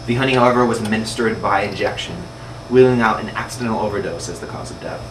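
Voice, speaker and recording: A man narrating a mock documentary in a flat, matter-of-fact manner, recorded from a distance in an echoey room with air conditioning humming. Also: on the low side, fast, noisy background.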